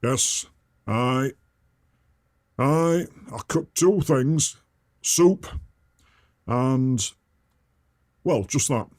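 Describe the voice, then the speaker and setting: A man voicing a dim northern male soup cook, speaking with a Northern English accent in a slow, blunt, deadpan way. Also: medium pitch, no echo, clean studio sound, pitched above the performer's own voice. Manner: slow, flat and deadpan, dropping words to a clipped "t-". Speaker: guest character.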